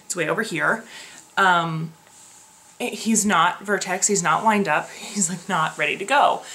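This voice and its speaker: A woman's voice: fairly low pitch, measured pace, sharp tone. Frustrated young woman vlogging at home. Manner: frustrated, laughing, chatty. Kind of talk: casual pregnancy vlog.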